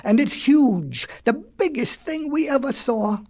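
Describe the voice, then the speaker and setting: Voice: high voice, a little slow, voice pushed up, full character voice. A storyteller doing scared little frog sons. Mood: alarmed. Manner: excited, alarmed and breathless. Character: three frightened little frog sons, small and anxious.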